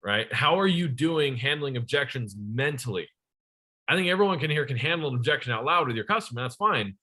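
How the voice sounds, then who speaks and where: A young man leads a sales training session with a bright, forceful voice. He talks to the room directly, firing questions at his listeners and keeping the energy up. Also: mid-range voice, brisk. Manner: energetic, addresses the audience directly.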